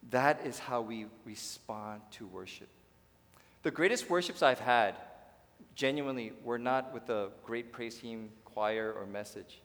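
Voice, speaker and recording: A pastor preaching a sermon to his congregation, swinging from hushed to loud and addressing the listeners directly. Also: mid-range voice, measured pace. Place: church sanctuary. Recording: long reverb of a large hall.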